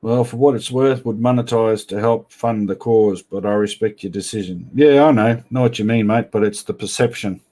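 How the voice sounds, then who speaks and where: A man's voice: on the low side, normal speed, few pauses, mellow. A man hosting a casual livestream, reading viewer comments aloud and answering them with blunt, teasing banter full of slang. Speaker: livestream host.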